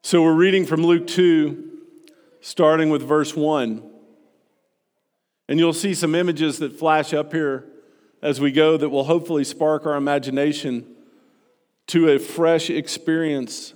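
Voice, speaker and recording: A man preaching a sermon, telling a personal story with animated delivery that drops soft and slow on key points. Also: fairly high pitch, in a large hall. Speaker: pastor.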